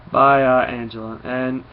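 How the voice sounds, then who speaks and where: A man's voice: medium pitch, creaky, highs cut off, a little hiss or hum. Rambling man recapping a comic. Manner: rambling, full of fillers and restarts. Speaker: comic book reviewer. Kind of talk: casual comic book recap.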